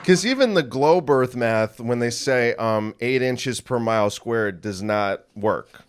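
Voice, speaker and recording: A man from New Jersey, a comedian guest, bantering in deadpan, mock-serious podcast talk. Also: medium pitch, a little slow, clean tone.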